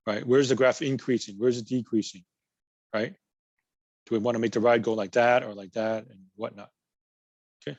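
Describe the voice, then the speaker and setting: A man's voice: mid-range voice, slightly rough, no room sound, lo-fi sound. A man teaching a college math class, patiently working through examples and repeating key words. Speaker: math instructor. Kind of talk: recorded class lecture.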